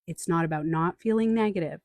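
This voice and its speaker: A woman coaching viewers on a live stream from home, animated, acting out the inner voices she quotes. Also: fairly low pitch, brisk, dry recording.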